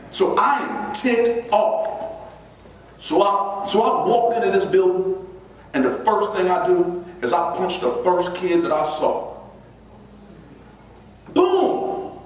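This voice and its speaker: Male keynote speaker, animated storyteller, slightly high voice, heard from a distance in an echoey hall. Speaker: motivational speaker. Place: large event hall. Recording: echoey hall from far off, faint noise.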